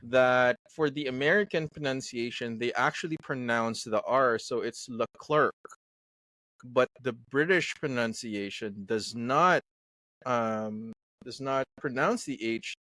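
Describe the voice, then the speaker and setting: A man's voice: mid-range voice, a little slow, sharp tone, dry recording. A man from Canada co-hosting a podcast, talking in casual chat in a hesitant way with frequent fillers. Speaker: podcast co-host.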